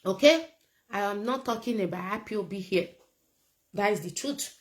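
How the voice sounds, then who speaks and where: A woman's voice: mid-range voice, lively intonation, normal speed, rough recording. A woman with a Nigerian accent giving a casual political rant to camera, blunt and emphatic and repeating her points. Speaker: political commentator.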